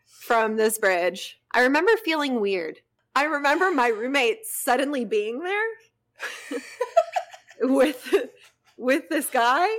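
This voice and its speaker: A woman's voice: high-pitched, slow pace, long pauses. A young woman hosting a podcast, telling a casual story with lots of swearing and frequent laughter. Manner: animated, swears freely, breaks into laughter. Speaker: podcast host.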